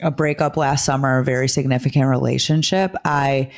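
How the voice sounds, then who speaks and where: Therapist host; mid-range pitch, lively, profane, confessional storytelling. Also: fairly quick. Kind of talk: casual podcast conversation.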